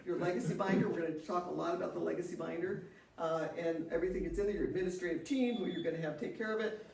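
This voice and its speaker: A woman's voice: on the low side, fast talker, creaky, a little mellow. Older woman giving an earnest seminar talk. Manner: earnest, personal, frequent restarts. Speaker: seminar speaker. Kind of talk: seminar talk with personal stories. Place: seminar room. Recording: echoey room, distant mic.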